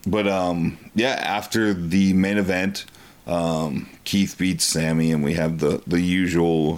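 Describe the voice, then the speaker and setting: A young man co-hosting a wrestling show, recapping past events in a relaxed way with many filler words. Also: deep voice, slow. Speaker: wrestling promotion co-host. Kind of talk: casual commentary over match footage.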